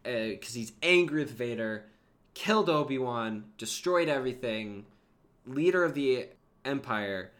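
A man's voice: mid-range voice, lively intonation, unhurried, fairly bright tone. A man co-hosting a podcast, chatting casually and enthusiastically, breaking into quoted lines as he retells scenes. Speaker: podcast co-host. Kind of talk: casual fan podcast chat.

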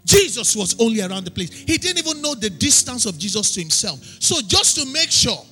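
A woman pastor with a Nigerian accent preaching a sermon, emphatic and often shouting in a chanting preacher's cadence. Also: on the high side, big pitch swings, brisk, breathy edge. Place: church hall. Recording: long hall reverb with faint music.

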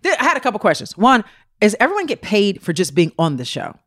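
A woman co-hosting a podcast in casual chat, animated storytelling with playful slang. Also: mid-range voice, fast talker, no room sound, studio quality. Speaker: podcast co-host.

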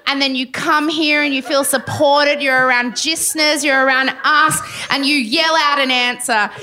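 Co-hosting a live podcast, this Australian woman from Sydney tells chatty, joking stories peppered with quick asides. Her voice is high-pitched, with a steady yet sharp tone.

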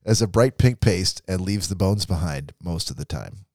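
Low voiced guy reading off ingredient facts, deadpan jokes, dry mic. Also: normal speed, no echo. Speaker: podcast co-host. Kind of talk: reading facts in casual chat.

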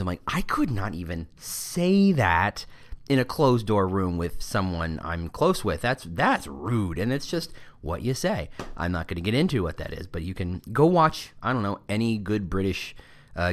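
A man hosting a podcast, talking through an opinionated casual monologue with plenty of fillers and restarts. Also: fairly low pitch. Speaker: podcast host.

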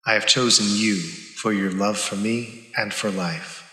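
A man voicing a calm, solemn goddess of life, speaking softly and gravely in a tabletop game. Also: fairly low pitch, reverberant, in a large hall, poor audio. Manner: measured, grave, soft-spoken.

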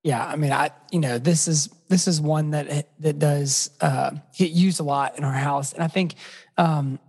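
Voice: medium pitch, fairly even intonation, measured pace, darkish tone, breathy edge, big-room sound. A parenting podcast co-host joining the chat, hesitant and full of restarts. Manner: hesitant, lots of restarts and fillers.

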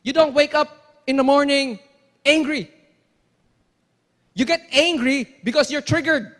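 A man with a very high voice preaches a sermon in a large hall with a long, ringing reverb. He is emphatic, circles back on his own phrases and keeps asking the congregation rhetorical questions. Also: a little slow, a bit bright.

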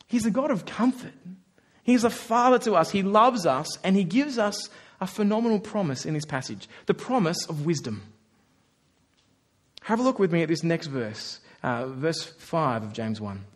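Animated high-voiced preacher. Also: male voice, normal speed. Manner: animated, acts out quoted voices. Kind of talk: sermon.

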